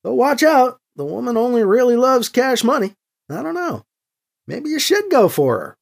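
A wisecracking pilot captain needles everyone in a mocking, joking voice, as an audiobook narrator plays him. His husky tone jumps up and down. He never takes things quite seriously. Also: medium pitch, very animated, moderate pace, pitched above the performer's own voice. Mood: teasing. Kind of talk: audiobook character reading.

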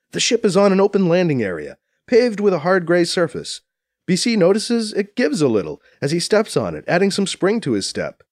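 A man narrating an audiobook with expressive, storytelling delivery. His voice sits a little high and swings widely in pitch. The recording is close and dry. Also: no room sound. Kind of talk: scripted narration.

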